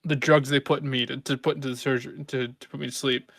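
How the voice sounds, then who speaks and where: A young man hosting a casual podcast chat, groggy after oral surgery, loose and halting, laughing often. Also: mid-range voice, little pitch movement, creaky, fairly bright tone, no room sound. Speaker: podcast host.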